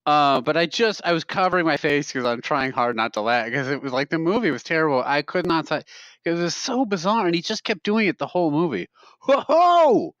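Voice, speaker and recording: Fairly high in pitch and a little fast, the man's voice is a bit bright in a dry recording from a slightly dull podcast mic. He's a co-host in casual conversation, wandering through comic stories and often laughing along at them.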